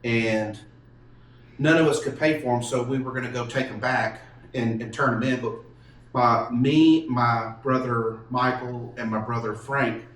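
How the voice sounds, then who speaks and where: A man, earnestly telling a personal story with halting restarts. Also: medium pitch, a bit bright. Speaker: podcast guest telling his testimony. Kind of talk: casual storytelling. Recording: echoey room, mic far off.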